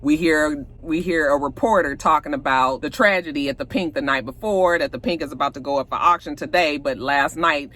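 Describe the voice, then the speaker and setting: A woman's voice: low-pitched, fairly quick, few pauses, fairly bright tone. A woman, casually retelling a TV episode and acting out the characters' lines. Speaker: TV show recapper.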